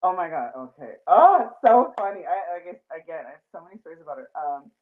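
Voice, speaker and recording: A woman's voice: lowish voice, big pitch swings, fast talker. Chatty woman on a tinny line. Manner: chatty, lots of fillers and laughter. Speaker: host. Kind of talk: casual chat.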